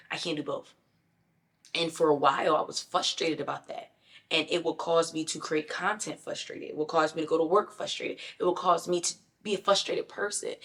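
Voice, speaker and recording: A woman's voice: lowish voice, a bit bright. A young adult woman talking candidly and emphatically to her viewers in a casual self-help vlog. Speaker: lifestyle vlogger.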